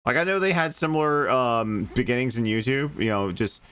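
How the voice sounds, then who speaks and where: A man's voice: medium pitch, a little fast, a bit bright, clean tone, no echo. A man hosting a reaction video, making wry and indignant asides. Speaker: reaction host. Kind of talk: casual reaction commentary.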